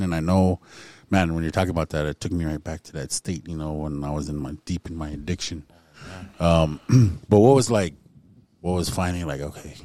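A man interviewing a guest, asking gentle, empathetic questions. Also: deep voice. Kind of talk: conversational interview.

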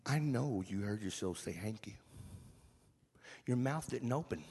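A man giving an animated inspirational church talk, building emphatic points to a congregation. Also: lowish voice, a little slow, pauses often, slightly rough. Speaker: church speaker. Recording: long reverb of a large hall.

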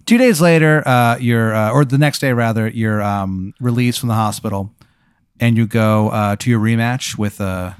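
A man improvising a comic hypothetical story, rambling and animated with lots of fillers. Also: mid-range voice, normal speed, smooth, dry recording, studio quality. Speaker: podcast host narrating a hypothetical.

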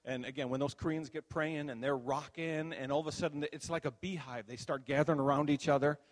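A middle-aged man giving an animated testimony sermon as a pastor, acting out the voices in his story. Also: fairly high pitch, brisk. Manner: animated storytelling, acts out quotes. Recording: long hall reverb.

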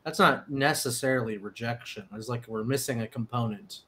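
A man's voice: medium pitch, fairly quick, bright, forceful tone, a little hiss or hum. A man hosting a casual podcast chat, loose and joking as he keeps the talk moving. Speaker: podcast host.

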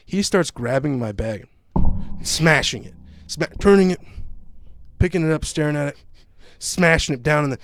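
A male podcast host telling a story in casual chat, with a profane, animated ranting manner. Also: fairly high pitch, normal speed, long pauses, no room sound, studio quality.

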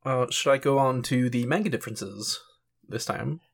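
Man, mid-pitched voice, casual podcast co-host, rambling, loose, lots of filler, swears and chuckles. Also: moderate pace, creaky. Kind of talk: casual chat.

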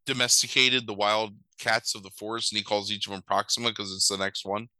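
Guy ranting through a movie recap, super bright voice, dry close mic. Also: fairly low pitch, brisk, no room sound, rough recording. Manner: animated retelling, swearing, mock quoting characters. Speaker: podcast host recapping a movie. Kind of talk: casual chat.

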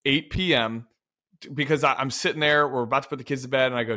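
A man co-hosting a podcast, chatting casually and telling an animated story. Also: mid-range voice, fast. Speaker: podcast co-host. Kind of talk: casual chat.

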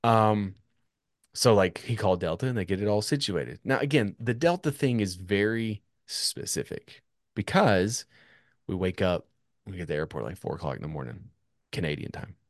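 A man's voice: fairly low pitch, animated, normal speed, no room sound, clean studio sound. A young man telling a story in casual chat, rambling with lots of filler words, swearing now and then. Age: young adult.

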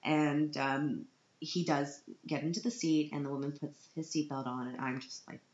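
Her voice is deep and darkish, with fairly even intonation and a normal pace: a parent vlogger in her thirties, nearly crying as she tells a dramatic, self-mocking story about her child. The recording is roomy, dull and lo-fi.

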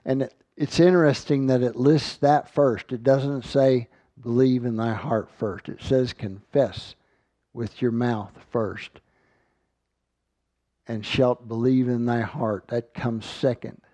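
A man's voice: mid-range voice, fairly even intonation, slow pace, dark tone, dry recording. A man giving an earnest sermon, reading scripture aloud and often repeating words as he finds his thought. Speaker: Bible teacher.

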